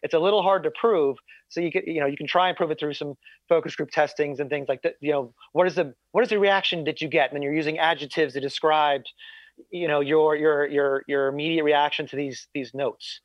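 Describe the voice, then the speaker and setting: A man's voice: fairly high pitch, fairly even intonation, fairly quick, no room sound. A man co-hosting a podcast, chatting casually, rambling and repeating words. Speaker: podcast co-host. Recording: dull lo-fi mic.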